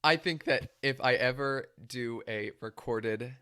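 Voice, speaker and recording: A man hosting a casual podcast interview. He asks curious, quick follow-up questions. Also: mid-range voice, pushed and bright, clean tone, no room sound, clean studio sound. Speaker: podcast host.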